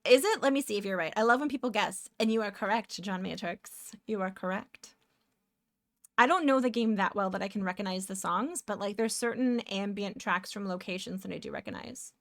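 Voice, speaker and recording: A woman's voice: medium pitch, fairly quick. A woman from Canada, chatting casually with viewers while drawing, giggly and talking to herself as she works. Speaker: streamer.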